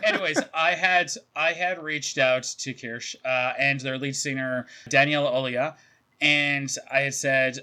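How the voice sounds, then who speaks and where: A man's voice: medium pitch, moderate pace. A man co-hosting a music podcast with his brother, telling stories in casual chat and acting out quoted lines. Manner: animated storyteller, acts out quotes. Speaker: podcast co-host.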